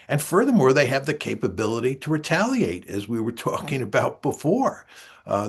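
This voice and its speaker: An older man, answering interview questions in a measured, emphatic lecturing way, with frequent filler sounds. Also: lowish voice, gravelly, husky. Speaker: guest political scientist.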